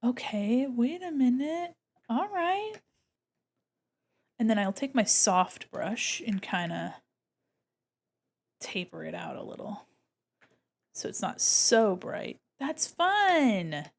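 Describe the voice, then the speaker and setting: A woman's voice: a little high, sing-song, slow pace. A woman streaming as she paints digital art, chatting casually with viewers in a bubbly, rambling way with frequent giggles. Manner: chats with viewers, thinks aloud. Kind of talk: casual live-stream chat while drawing.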